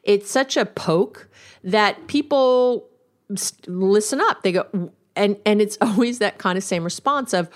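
A woman's voice: medium pitch, animated, normal speed. A woman therapist hosting a podcast, explaining relationship tools in a casual, conversational way and acting out sample exchanges. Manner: conversational, acts out quoted exchanges, laughs now and then. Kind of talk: instructional podcast monologue.

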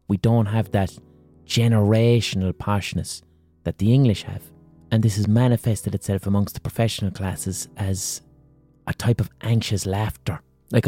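An Irish man rambles through a profane comic monologue as a podcast host. His voice is low and mellow, with a relaxed warmth to it. He builds jokes with loose asides and blunt swearing.

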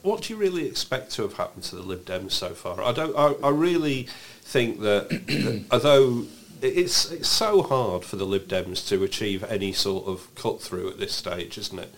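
A man's voice: lowish voice, expressive, normal speed, hardly any pauses. A man co-hosting a casual political chat podcast, musing with frequent restarts and rhetorical questions. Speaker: podcast co-host.

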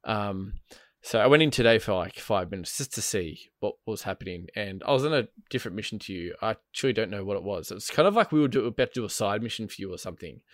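A man's voice: lowish voice, animated, fast, no echo, clean studio sound. A man chatting casually about a game, rambling, laughing and swearing, full of fillers. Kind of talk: casual gaming chat.

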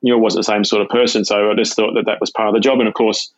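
A middle-aged Australian man, a retired police sergeant, tells his story in a halting way with many fillers and restarts. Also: lowish voice, flat delivery, no room sound, lo-fi sound. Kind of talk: casual personal storytelling.

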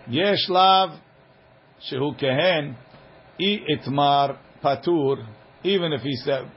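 A Talmud teacher gives an informal study lecture, chanting passages of ancient text and then unpacking them in casual, conversational English. His voice is a little high, and the muffled recording carries some hiss or hum.

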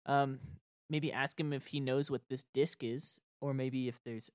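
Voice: medium pitch, steady tone, a little slow, no room sound, clean studio sound. A tabletop player chatting in character and out, asking rambling strings of questions. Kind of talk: casual tabletop play.

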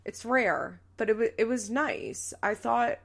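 Unhurried and a bit high-pitched with vocal fry, a young female host chats casually through a reality series recap. She leans heavily on "like" and drops in quotes from people as she goes.

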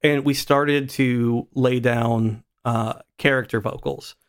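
A man's voice: mid-range voice, fairly even intonation, slow, smooth. Rambling man co-hosting a podcast. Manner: rambling, self-deprecating, many restarts. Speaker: podcast co-host. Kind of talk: casual chat.

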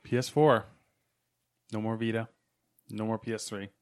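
A man's voice: lowish voice, fairly even intonation, moderate pace, smooth. A young man co-hosting a casual gaming podcast, chatty and easygoing, with hesitant fillers. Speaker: podcast co-host. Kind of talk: casual gaming news chat.

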